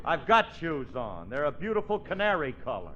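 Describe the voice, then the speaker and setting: A man's voice: on the high side, sing-song, a little fast, pushed and bright, highs cut off. A man from Tennessee, trading boastful folksy wisecracks in a 1940s radio comedy. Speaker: comedian and co-host. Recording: hissy old radio broadcast.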